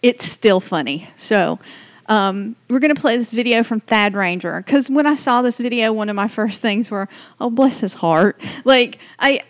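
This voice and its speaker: A woman's voice: a little high, normal speed, no room sound. A woman with a Southern US accent hosting a loose, unscripted podcast, rambling and restarting her sentences. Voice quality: rambling, restarts a lot, chatty. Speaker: podcast host. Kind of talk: casual unscripted podcast chat.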